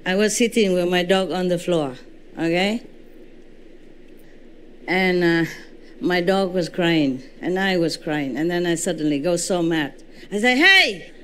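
A woman spiritual teacher giving a lecture in non-native English, telling stories with lively reenactments and often checking in with "you know" and "okay?". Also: fairly low pitch, unhurried, pauses often, a little hiss or hum. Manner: animated storytelling, reenacting her own shouts. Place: indoor lecture at a retreat. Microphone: microphone.

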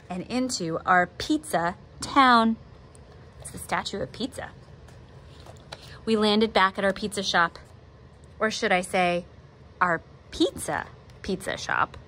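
A woman art teacher who reads a picture book aloud with expressive, animated storytelling, then gives drawing steps. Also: mid-range voice.

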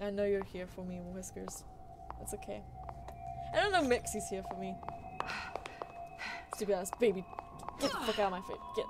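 Woman streamer, live gameplay commentary, thinks aloud and swears casually over game music. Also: medium pitch.

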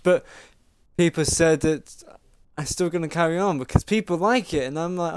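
A man's voice: a little high, animated, moderate pace, smooth, no echo. A man giving casual gameplay commentary as a channel host, frustrated and swearing as he plays. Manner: frustrated, swearing, raging at the game.

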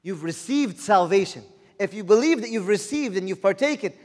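Brief: male preacher, high voice, earnest sermon full of rhetorical questions, long hall reverb. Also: lively intonation, fairly quick.

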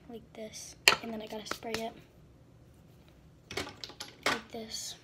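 A woman's voice: on the high side, completely flat delivery, takes it slowly, heavy background noise. A woman vlogging as she does her makeup, chatty and flustered, often dropping to a whisper. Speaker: beauty vlogger. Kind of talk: casual vlog chat while doing makeup.

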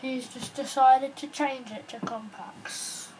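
Young woman doing game commentary, high voice, slow, loud hiss in the mic. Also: steady tone. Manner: chants repeated words while waiting. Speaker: gaming channel host. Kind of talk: let's-play commentary. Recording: noisy home recording.

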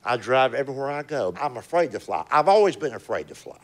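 Big pitch swings mark this older man's fast, mid-range voice. Performing stand-up on a comedy club stage, he tells folksy Southern stories, drawls his punchlines, and then settles into chat.

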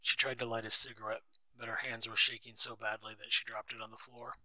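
A man's voice: mid-range voice, completely flat delivery, brisk, pushed and bright, poor audio. A man narrating a simplified novel aloud in a plain, simple reading style for young readers. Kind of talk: storybook read-aloud narration.

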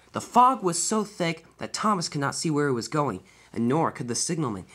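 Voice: medium pitch, lively intonation, normal speed, hardly any pauses, a bit bright, a little hiss or hum. A narrator telling a toy train fan-film story in a dramatic, storybook way.

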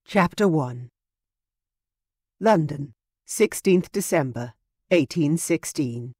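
A woman narrating an audiobook romance in a measured, even storytelling manner. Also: sits low, breathy edge, no echo, clean studio sound. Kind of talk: scripted narration.

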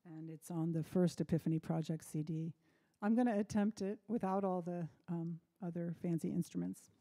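Mellow-voiced woman chatting between songs. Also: lowish voice, moderate pace. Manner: relaxed, chatty, many ums and restarts. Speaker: singer-songwriter hosting a live stream. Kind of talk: casual chat between songs. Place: home by the fireside.

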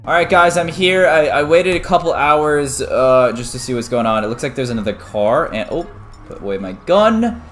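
Young male gaming YouTuber, higher-pitched voice, jumpy live commentary, faint music behind. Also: moderate pace. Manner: excitable, swings from muttering to yelping. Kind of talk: game commentary.

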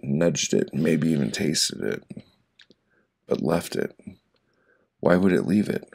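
A man reading his own poems aloud for an audiobook, with a dry, deadpan delivery and slow pauses between short lines. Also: low voice, gravelly, breathy edge.

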